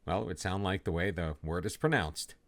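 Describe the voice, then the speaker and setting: A chatty man with a lowish voice narrates his football manager save. He talks casually, pokes fun at himself and swings between lively highs and quieter asides. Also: fairly quick, heavy background noise. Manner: chatty, self-deprecating, lively ups and downs. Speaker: let's play host. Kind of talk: casual gameplay commentary.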